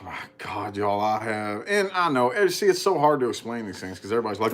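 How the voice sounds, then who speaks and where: Lively, animated man in casual chat. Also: on the low side, fairly quick, hardly any pauses. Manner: animated storyteller, swears casually. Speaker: co-host, parent.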